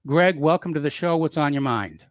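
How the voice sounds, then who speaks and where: A man hosting a call-in talk radio show, calm and steady, taking callers. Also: on the high side, moderate pace, no room sound, studio quality.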